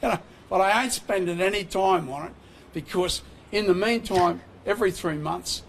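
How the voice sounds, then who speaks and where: A man's voice: sits high, moderate pace, vocal fry, a little hiss or hum. A man giving a blunt, folksy, dismissive answer in an interview clip. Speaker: politician in an archival clip.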